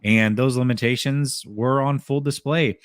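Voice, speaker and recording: A man's voice: medium pitch, fairly even intonation, unhurried, clean tone, dry recording. A man with a mid-range voice hosts a sports call-in show. He sounds chatty and easygoing and tosses in "man" and "dude" as he talks. His voice is recorded close and dry, with no room sound. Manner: laid-back, chatty, uses fillers like "man" and "dude". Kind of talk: casual sports talk with callers.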